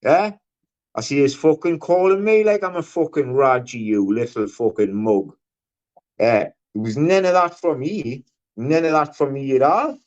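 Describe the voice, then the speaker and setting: A man co-hosting a livestream panel, arguing loudly, swearing and mimicking the people he argues with. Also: medium pitch, expressive, normal speed. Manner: loud, sweary, mimicking others. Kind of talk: heated livestream argument. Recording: muffled lo-fi stream audio.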